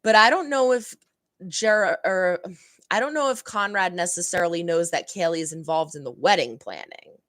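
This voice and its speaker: A woman's voice: on the low side, moderate pace, a bit bright, no room sound, clean studio sound. A young woman hosting a reaction channel, chatting casually and rambling about a TV episode, laughing often and acting out heated lines.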